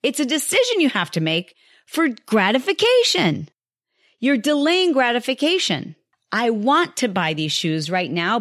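A woman's voice: on the low side, no echo, studio quality. A woman hosting a podcast, talking candidly and casually to her listeners about habits, often acting out her own past thoughts. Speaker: podcast host. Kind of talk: casual motivational monologue.

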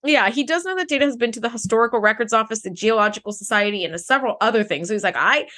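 A woman co-hosting a podcast, recapping an episode in casual chat, animated, swearing and acting out the characters' lines. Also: on the high side, racing. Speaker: podcast co-host.

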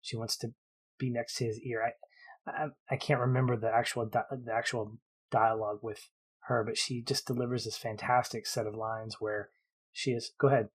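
A man's voice: medium pitch, flat delivery, moderate pace, breathy edge. A man co-hosting a podcast, building his points about a film in long, thoughtful runs. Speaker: podcast co-host. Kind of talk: casual film discussion.

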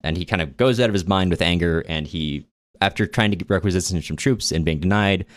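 A man's voice: low voice, fairly quick, no echo. A man co-hosting a casual book podcast, retelling the plot in chatty storytelling with wry asides. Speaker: podcast co-host.

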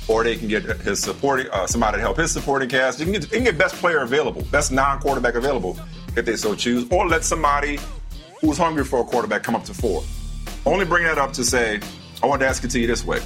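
A man hosting a sports talk show, debating with his co-host in a casual, animated way, often repeating himself as he talks. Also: medium pitch, quick pace, soft background music.

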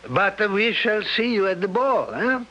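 Cast: jovial town councilman, lively bright voice, radio drama. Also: sits high, normal speed, dull audio, full character voice. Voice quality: hearty, friendly, pressing. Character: jovial middle-aged town councilman, insistent old friend. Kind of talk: 1970s radio drama acting.

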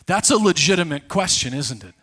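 A man preaching a sermon as pastor at a church service, telling stories emphatically and swinging between loud and soft. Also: a little high, very animated, brisk, husky.

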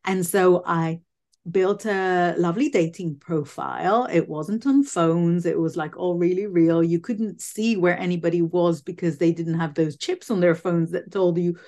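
A woman from the UK with a quirky, unusual voice, chatting loudly as a guest over a video call. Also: on the low side, fairly even intonation, unhurried. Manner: loud, chatty, laughs often. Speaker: guest psychic medium. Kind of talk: casual interview chat.

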